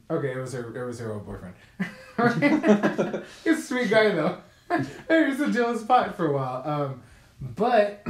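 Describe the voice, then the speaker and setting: A man's voice: mid-range voice, echoey room. A man co-hosting a podcast in a casual chat, making wry asides and chuckling along. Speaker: podcast co-host.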